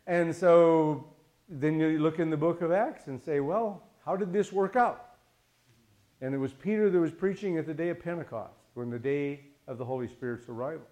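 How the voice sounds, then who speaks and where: A man leads a Bible study in an easy, talkative way, his voice sitting a little on the higher side. He keeps asking his listeners questions and slips into the voices of the people he quotes. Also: darkish tone. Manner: chatty, asks the listeners questions, acts out quotes. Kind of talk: conversational Bible study teaching.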